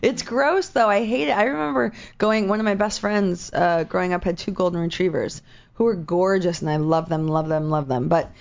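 A woman co-hosting a radio show in casual chat, hoarse and raspy today, talking freely with lots of "like". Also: on the low side, muffled recording. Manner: chatty, lots of "like", quick asides.

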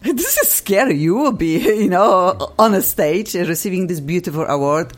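Lively, effusive woman host. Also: on the low side, normal speed. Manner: chatty, laughing, effusive. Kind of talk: casual interview chat.

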